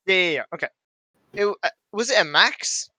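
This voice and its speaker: A young man from Canada, co-hosting a podcast and telling a story in an excitable, casual way. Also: sits high, brisk, no echo. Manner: excitable storytelling with frequent swearing. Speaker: podcast co-host. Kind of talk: casual chat.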